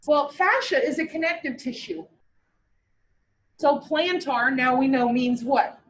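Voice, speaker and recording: A woman teaching a classroom lecture, lively, asking her students questions and answering them herself. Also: high-pitched, a little slow, slight background noise, low-quality recording.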